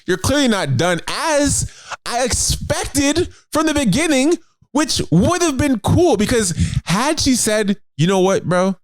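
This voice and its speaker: A man in his thirties, a podcast co-host, telling a story in casual, animated, profane chat. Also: very high-pitched, takes it slowly, no echo. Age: 30s.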